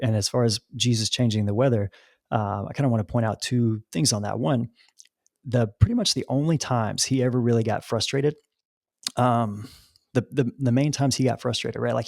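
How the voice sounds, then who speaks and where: A man talks as a podcast guest, unfolding his spiritual views with long, earnest explanations and little stories along the way. His voice sits at an ordinary middle pitch. The recording is dry and close, with almost no room sound. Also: vocal fry, no room sound. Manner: earnest, explains at length with storytelling asides. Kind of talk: conversational spiritual discussion.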